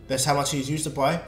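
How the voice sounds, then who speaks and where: A man's voice: fairly high pitch, echoey room. A man casually narrating a fan-made story in a rambling way, with many fillers and restarts.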